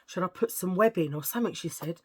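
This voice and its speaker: A woman tells rambling, gossipy stories straight to camera. Her voice sits a little low, and she keeps drifting off topic, laughing and acting out what people said. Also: fast talker, breathy edge. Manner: rambling, animated, laughs a lot, acts out quotes. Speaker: vlogger. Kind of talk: casual chatty storytelling.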